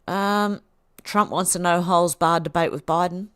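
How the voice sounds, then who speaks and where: A woman's voice: fairly low pitch, fairly even intonation, unhurried, clean tone, dry recording, clean studio sound. A woman hosting a livestream, reading posts aloud and reacting in a chatty way. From Australia. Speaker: livestream host.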